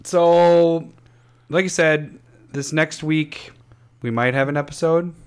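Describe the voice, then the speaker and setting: Male podcast co-host, casual, teasing, quick to laugh. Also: a little high, fairly even intonation, clean tone. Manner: laughs often, teasing and joking. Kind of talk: casual chat and show sign-off.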